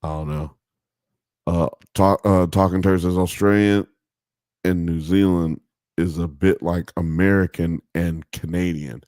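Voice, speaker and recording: A man's voice: low-pitched, measured pace, no room sound. A man hosting a live stream, reading chat comments aloud in a casual, joking way with frequent laughter and swearing. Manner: animated, laughing, mock accents, swearing.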